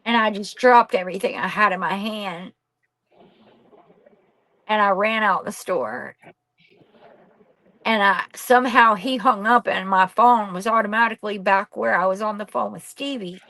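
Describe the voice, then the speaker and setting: A woman's voice: mid-range voice, measured pace, pauses often, fairly bright tone, no echo, rough recording. A middle-aged woman, a podcast guest telling a painful personal story candidly, rambling and swearing casually.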